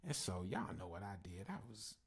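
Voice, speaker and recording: Male pastor, low husky voice, loose storytelling with fillers. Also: lively intonation, normal speed. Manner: conversational, with fillers and repeated phrases. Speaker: pastor and musician. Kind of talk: personal storytelling talk.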